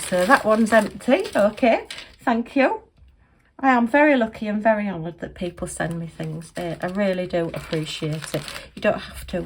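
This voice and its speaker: A woman's voice: on the high side, a little hiss or hum. A middle-aged woman chats through an unboxing at home, often exclaiming and thanking, heard through a camera mic. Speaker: crafting vlogger. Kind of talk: casual unboxing chat. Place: home room at a desk.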